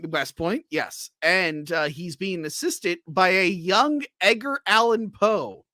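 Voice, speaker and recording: Man with a high voice, podcast host, casual rambling talk, dry close mic. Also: slow, sharp tone, no room sound. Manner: rambling, with many fillers and restarts. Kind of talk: casual movie review chat.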